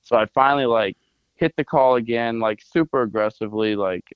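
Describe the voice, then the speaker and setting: A man's voice: mid-range voice, brisk, clean tone, dry recording, muffled recording. Rambling man telling a hunting story. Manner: rambling storyteller, lots of "like" fillers. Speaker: podcast co-host. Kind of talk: casual hunting podcast chat.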